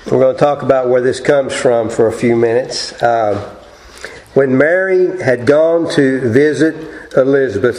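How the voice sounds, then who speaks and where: A man preaching a Sunday morning sermon and reading scripture aloud in a slow, deliberate way. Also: mid-range voice, a little mellow, reverberant, low-quality recording. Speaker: pastor.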